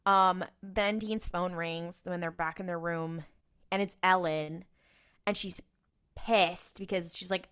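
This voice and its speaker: A woman co-hosting a podcast, casually recapping a TV episode with lively voiced asides for the characters. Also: on the low side, clean tone. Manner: animated storytelling with quick voiced impressions of characters. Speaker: podcast co-host.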